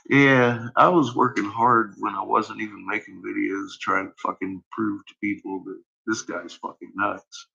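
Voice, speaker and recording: A man with a lowish, steady voice, a bit slow, with vocal fry, a sharp tone, and a breathy edge goes on a casual, exasperated rant. He swears frequently and laughs at his own points. The lo-fi recording sounds dull.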